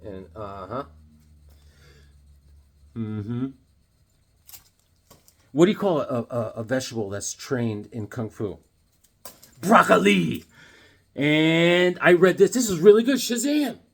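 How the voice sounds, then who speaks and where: Animated man showing off comics. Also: a little high. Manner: animated, cracks corny jokes, sudden yelps. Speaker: comic book vlogger. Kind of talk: casual show-and-tell chat.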